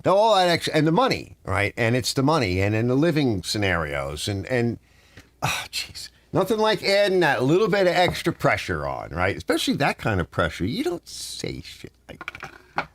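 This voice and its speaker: A man's voice: medium pitch, wildly swooping pitch, brisk, fairly bright tone. A middle-aged man hosting a casual garage live stream, rambling and ranting while answering his viewers' chat. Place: home garage.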